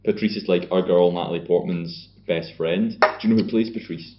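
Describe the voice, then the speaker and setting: A man's voice: low voice, fairly even intonation, normal speed, noisy background. A young Scottish man co-hosting a podcast, bantering casually and swearing freely as he recaps a film. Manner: banterous, swearing, acts out scenes in put-on voices. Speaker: podcast co-host. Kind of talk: casual chat. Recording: dull lo-fi sound.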